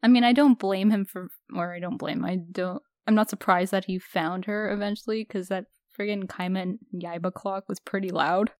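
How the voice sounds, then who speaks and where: A woman's voice: mid-range voice, fairly even intonation, normal speed, hardly any pauses, no room sound, studio quality. A woman co-hosting a podcast, chatting casually with fillers and frequent giggles. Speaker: podcast co-host. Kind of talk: casual chat.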